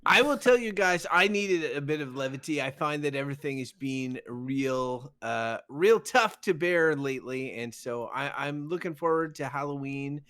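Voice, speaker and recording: A man's voice: medium pitch, lively intonation, normal speed, few pauses, fairly bright tone, clean tone. A man co-hosting a podcast in casual chat, with a folksy, joking delivery. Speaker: podcast co-host.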